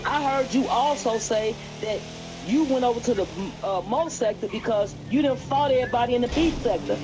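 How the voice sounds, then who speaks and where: A woman hosts a live stream, talking in a blunt, emphatic and profane way. Her voice sits a little high. The phone audio carries a steady hiss behind her. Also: a little fast. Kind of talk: casual live stream commentary.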